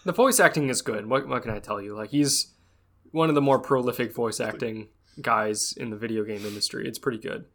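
A man's voice: mid-range voice, brisk. Casual young man chatting about games. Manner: animated, acts out game dialogue in raised voices. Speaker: podcast co-host. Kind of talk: casual chat.

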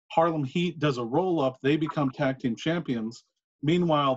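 A man co-hosting a podcast, telling a long story in a casual, animated way with quick asides. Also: mid-range voice. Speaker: podcast co-host. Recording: muffled lo-fi recording.

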